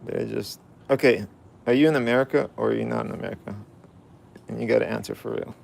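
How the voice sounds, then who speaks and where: A man vlogs casually outdoors, chatting playfully with and about a dog. He has a medium-pitched, creaky voice with a steady tone and a quick pace.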